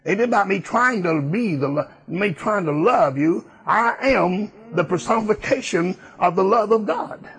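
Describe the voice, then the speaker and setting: A man's voice: sits high, expressive, moderate pace, few pauses, a bit bright, slightly rough. A man preaching a sermon, emphatic and repetitive in a folksy way.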